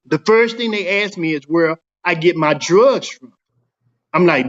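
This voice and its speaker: A middle-aged man recounts his own experience in a casual interview, slipping into the voices of others as he tells it. His voice sits high for a man. The recording sounds a little dull. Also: moderate pace. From Dallas, Texas. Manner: animated storyteller acting out quoted dialogue. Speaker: guest telling his own story.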